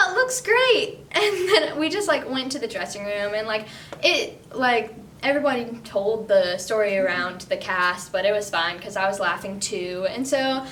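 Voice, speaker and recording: A woman's voice: on the high side, fairly bright tone. A teenage girl from Tennessee casually telling a funny personal story, chatty and full of filler words. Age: teens. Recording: distant mic, faint noise.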